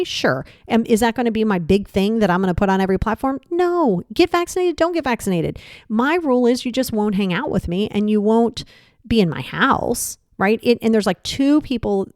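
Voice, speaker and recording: A woman in her fifties hosting a podcast, talking in a blunt, frank, casual monologue and swearing freely, with her pitch jumping up for emphasis. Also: brisk, no echo, studio quality. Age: 50s. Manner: animated, pitch jumps for emphasis. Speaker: podcast host.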